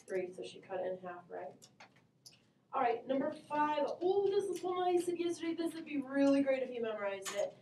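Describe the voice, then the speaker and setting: A woman's voice: high voice, big pitch swings, fairly quick, a little mellow. A woman math teacher leading a classroom lesson, upbeat, quizzing the class and calling on students, recorded from across the room. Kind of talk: classroom instruction. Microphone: distant camera mic. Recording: roomy classroom, voice from far off, faint hum.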